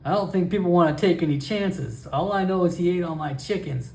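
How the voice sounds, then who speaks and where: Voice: mid-range voice, brisk, darkish tone, reverberant, close to an everyday voice. Someone putting on a sarcastic townswoman. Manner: dismissive, sarcastic drawl. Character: suspicious, sharp-tongued townswoman.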